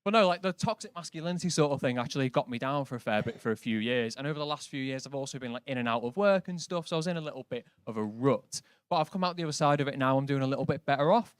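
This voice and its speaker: A man's voice: medium pitch, animated, very fast, hardly any pauses, clean tone, no room sound. A man doing a stand-up set on a comedy club stage, dry and conversational, full of casual asides. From Britain. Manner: dry, conversational, lots of likes.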